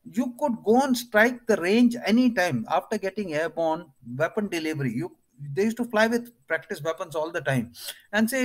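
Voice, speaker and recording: Speaking at a moderate pace in a high voice, an older retired air force officer with an Indian accent tells stories as an interview guest. He's animated throughout, acting out the lines of the people in his anecdotes.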